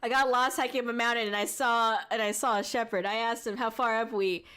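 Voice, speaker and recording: A woman's voice: fairly high pitch, steady tone, fast talker, pushed and bright, clear, resonant tone. A woman VTuber streamer chatting casually on a livestream, reading viewer messages aloud, giggling often and swearing freely.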